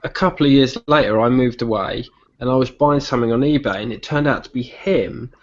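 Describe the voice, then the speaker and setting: A man's voice: mid-range voice, a little fast. A British man hosting a casual online chat, telling rambling anecdotes with plenty of fillers. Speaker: podcast host. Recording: slightly dull with faint noise.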